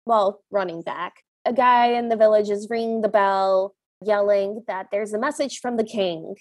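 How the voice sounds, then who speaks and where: A woman's voice: mid-range voice, moderate pace, darkish tone, dry recording. A woman co-hosting a podcast, casually recapping a film in a chatty, giggly way and acting out the scenes as she goes. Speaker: podcast co-host.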